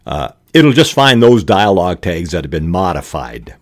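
A man hosting a podcast, giving measured, scripted advice on writing with occasional restarts. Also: low-pitched, sing-song, no room sound, studio quality. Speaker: podcast host.

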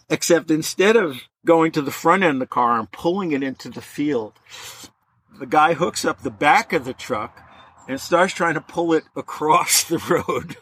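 A man telling a lively story in an interview, laughing now and then as he talks. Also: a little high, breathy edge. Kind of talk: anecdotal storytelling.

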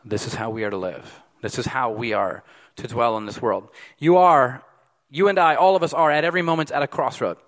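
A man preaching a sermon as pastor, emphatic, swinging from loud peaks to hushed lines. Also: medium pitch, fairly quick. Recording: long hall reverb.

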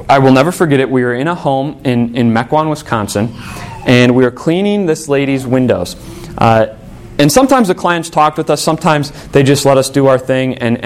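A man's voice: mid-range voice, a little hiss or hum. A male pastor giving a sermon in a conversational, storytelling way, acting out the voices of the people he quotes.

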